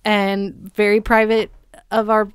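A woman's voice: medium pitch, measured pace, clean tone, dry recording. A woman in her thirties hosting a casual chat with friends, telling stories and acting out what other people said. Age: 30s. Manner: animated storyteller, acts out others' lines. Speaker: podcast host.

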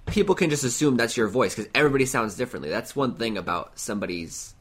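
Man, podcast co-host, casual chat, rambling, filler words, ordinary middle pitch. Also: fast, slightly rough. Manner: relaxed, rambling, frequent likes and laughs.

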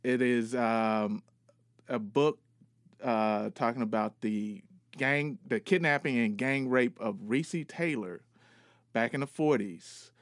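A man's voice: mid-range voice, slow pace, no echo, clean studio sound. Earnest man with a New York accent. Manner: relaxed, earnest, with many fillers. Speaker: podcast co-host giving book recommendations. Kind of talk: casual podcast segment.

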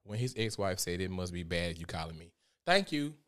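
A man giving casual commentary on a vlog, animated and profane as he tells a story. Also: deep voice, fairly quick. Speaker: vlogger.

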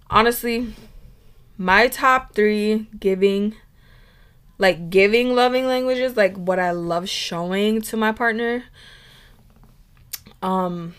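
A woman's voice: medium pitch, fairly bright tone, clear, resonant tone. A young woman hosting her own podcast, chatting casually with lots of "like" and the odd swear word, laughing between points. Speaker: podcast host. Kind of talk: casual solo podcast chat.

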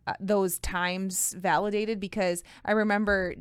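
A woman's voice: medium pitch, little pitch movement, unhurried, smooth, dry recording. A woman co-hosting a podcast, reading race results in casual chat. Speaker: podcast co-host.

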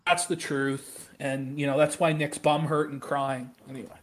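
A man's voice: on the high side, level tone, moderate pace, slight background noise. A man co-hosting a comedic podcast, giving blunt, profane commentary. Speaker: podcast co-host.

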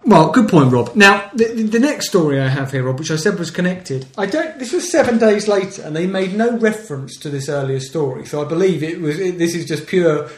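A man's voice: sits high, lively intonation, brisk, hardly any pauses. A man from co-hosting a podcast, reading out local news stories with frequent laughter in a casual comic chat. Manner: reads news stories aloud, laughing often. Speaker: podcast co-host. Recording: roomy echo.

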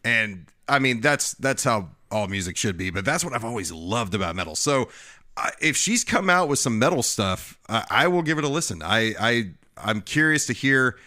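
A man's voice: mid-range voice, normal speed. A young man co-hosting a podcast, talking casually and restarting his words often. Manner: stammering restarts, lively. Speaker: podcast co-host. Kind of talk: casual chat.

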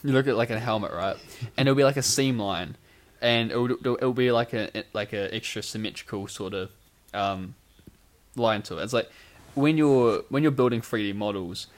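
A man's voice: fairly low pitch, normal speed. A man co-hosting a podcast in casual chat, rambling with many fillers and restarts, drowsy on sleep medication. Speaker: podcast co-host. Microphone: home microphone on a stand.

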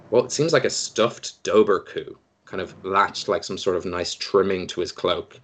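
A man's voice: sits low, unhurried, a bit bright. A man running a tabletop game as game master, describing the scene in a loose, descriptive way.

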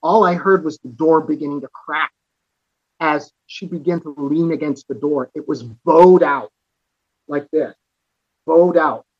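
Male podcast guest from Canada, slightly high voice, earnest personal storyteller, dry and somewhat muffled sound. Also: measured pace, dry recording. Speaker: podcast guest, author and musician.

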